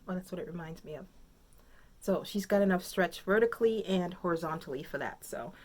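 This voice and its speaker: Lowish-voiced woman rambling about her crafts at home, lots of ums, casual chat. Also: fairly quick. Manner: rambling, chatty, thinks aloud with many fillers. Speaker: crafting podcast host.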